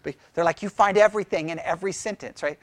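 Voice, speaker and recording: Animated high-voiced man teaching Bible study. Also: fast talker, no room sound. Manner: chatty, animated, asks the group questions.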